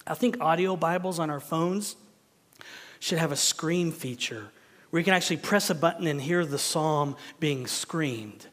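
A male pastor preaching an impassioned sermon in a church. He swings between shouted pleas and hushed, quiet lines. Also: a little high, a little slow. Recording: long hall reverb.

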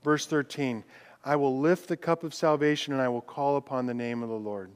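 A male pastor delivers a sermon, swinging between loud declarations and hushed, drawn-out words and reading scripture aloud with rising intensity. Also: medium pitch, steady tone, smooth. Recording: long reverb from a large hall.

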